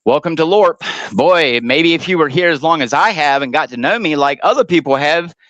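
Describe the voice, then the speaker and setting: A man's voice: fairly high pitch, animated, normal speed, a bit bright, dry recording, highs cut off. A man ranting and taunting others during a heated online panel argument, swearing often. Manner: profane. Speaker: panel guest.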